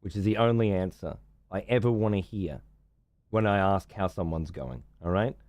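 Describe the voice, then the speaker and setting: A man's voice: low voice, moderate pace, darkish tone, no echo. An Australian man streaming a game, swearing freely and ranting in exasperation while he chats to viewers. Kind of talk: casual gaming stream commentary.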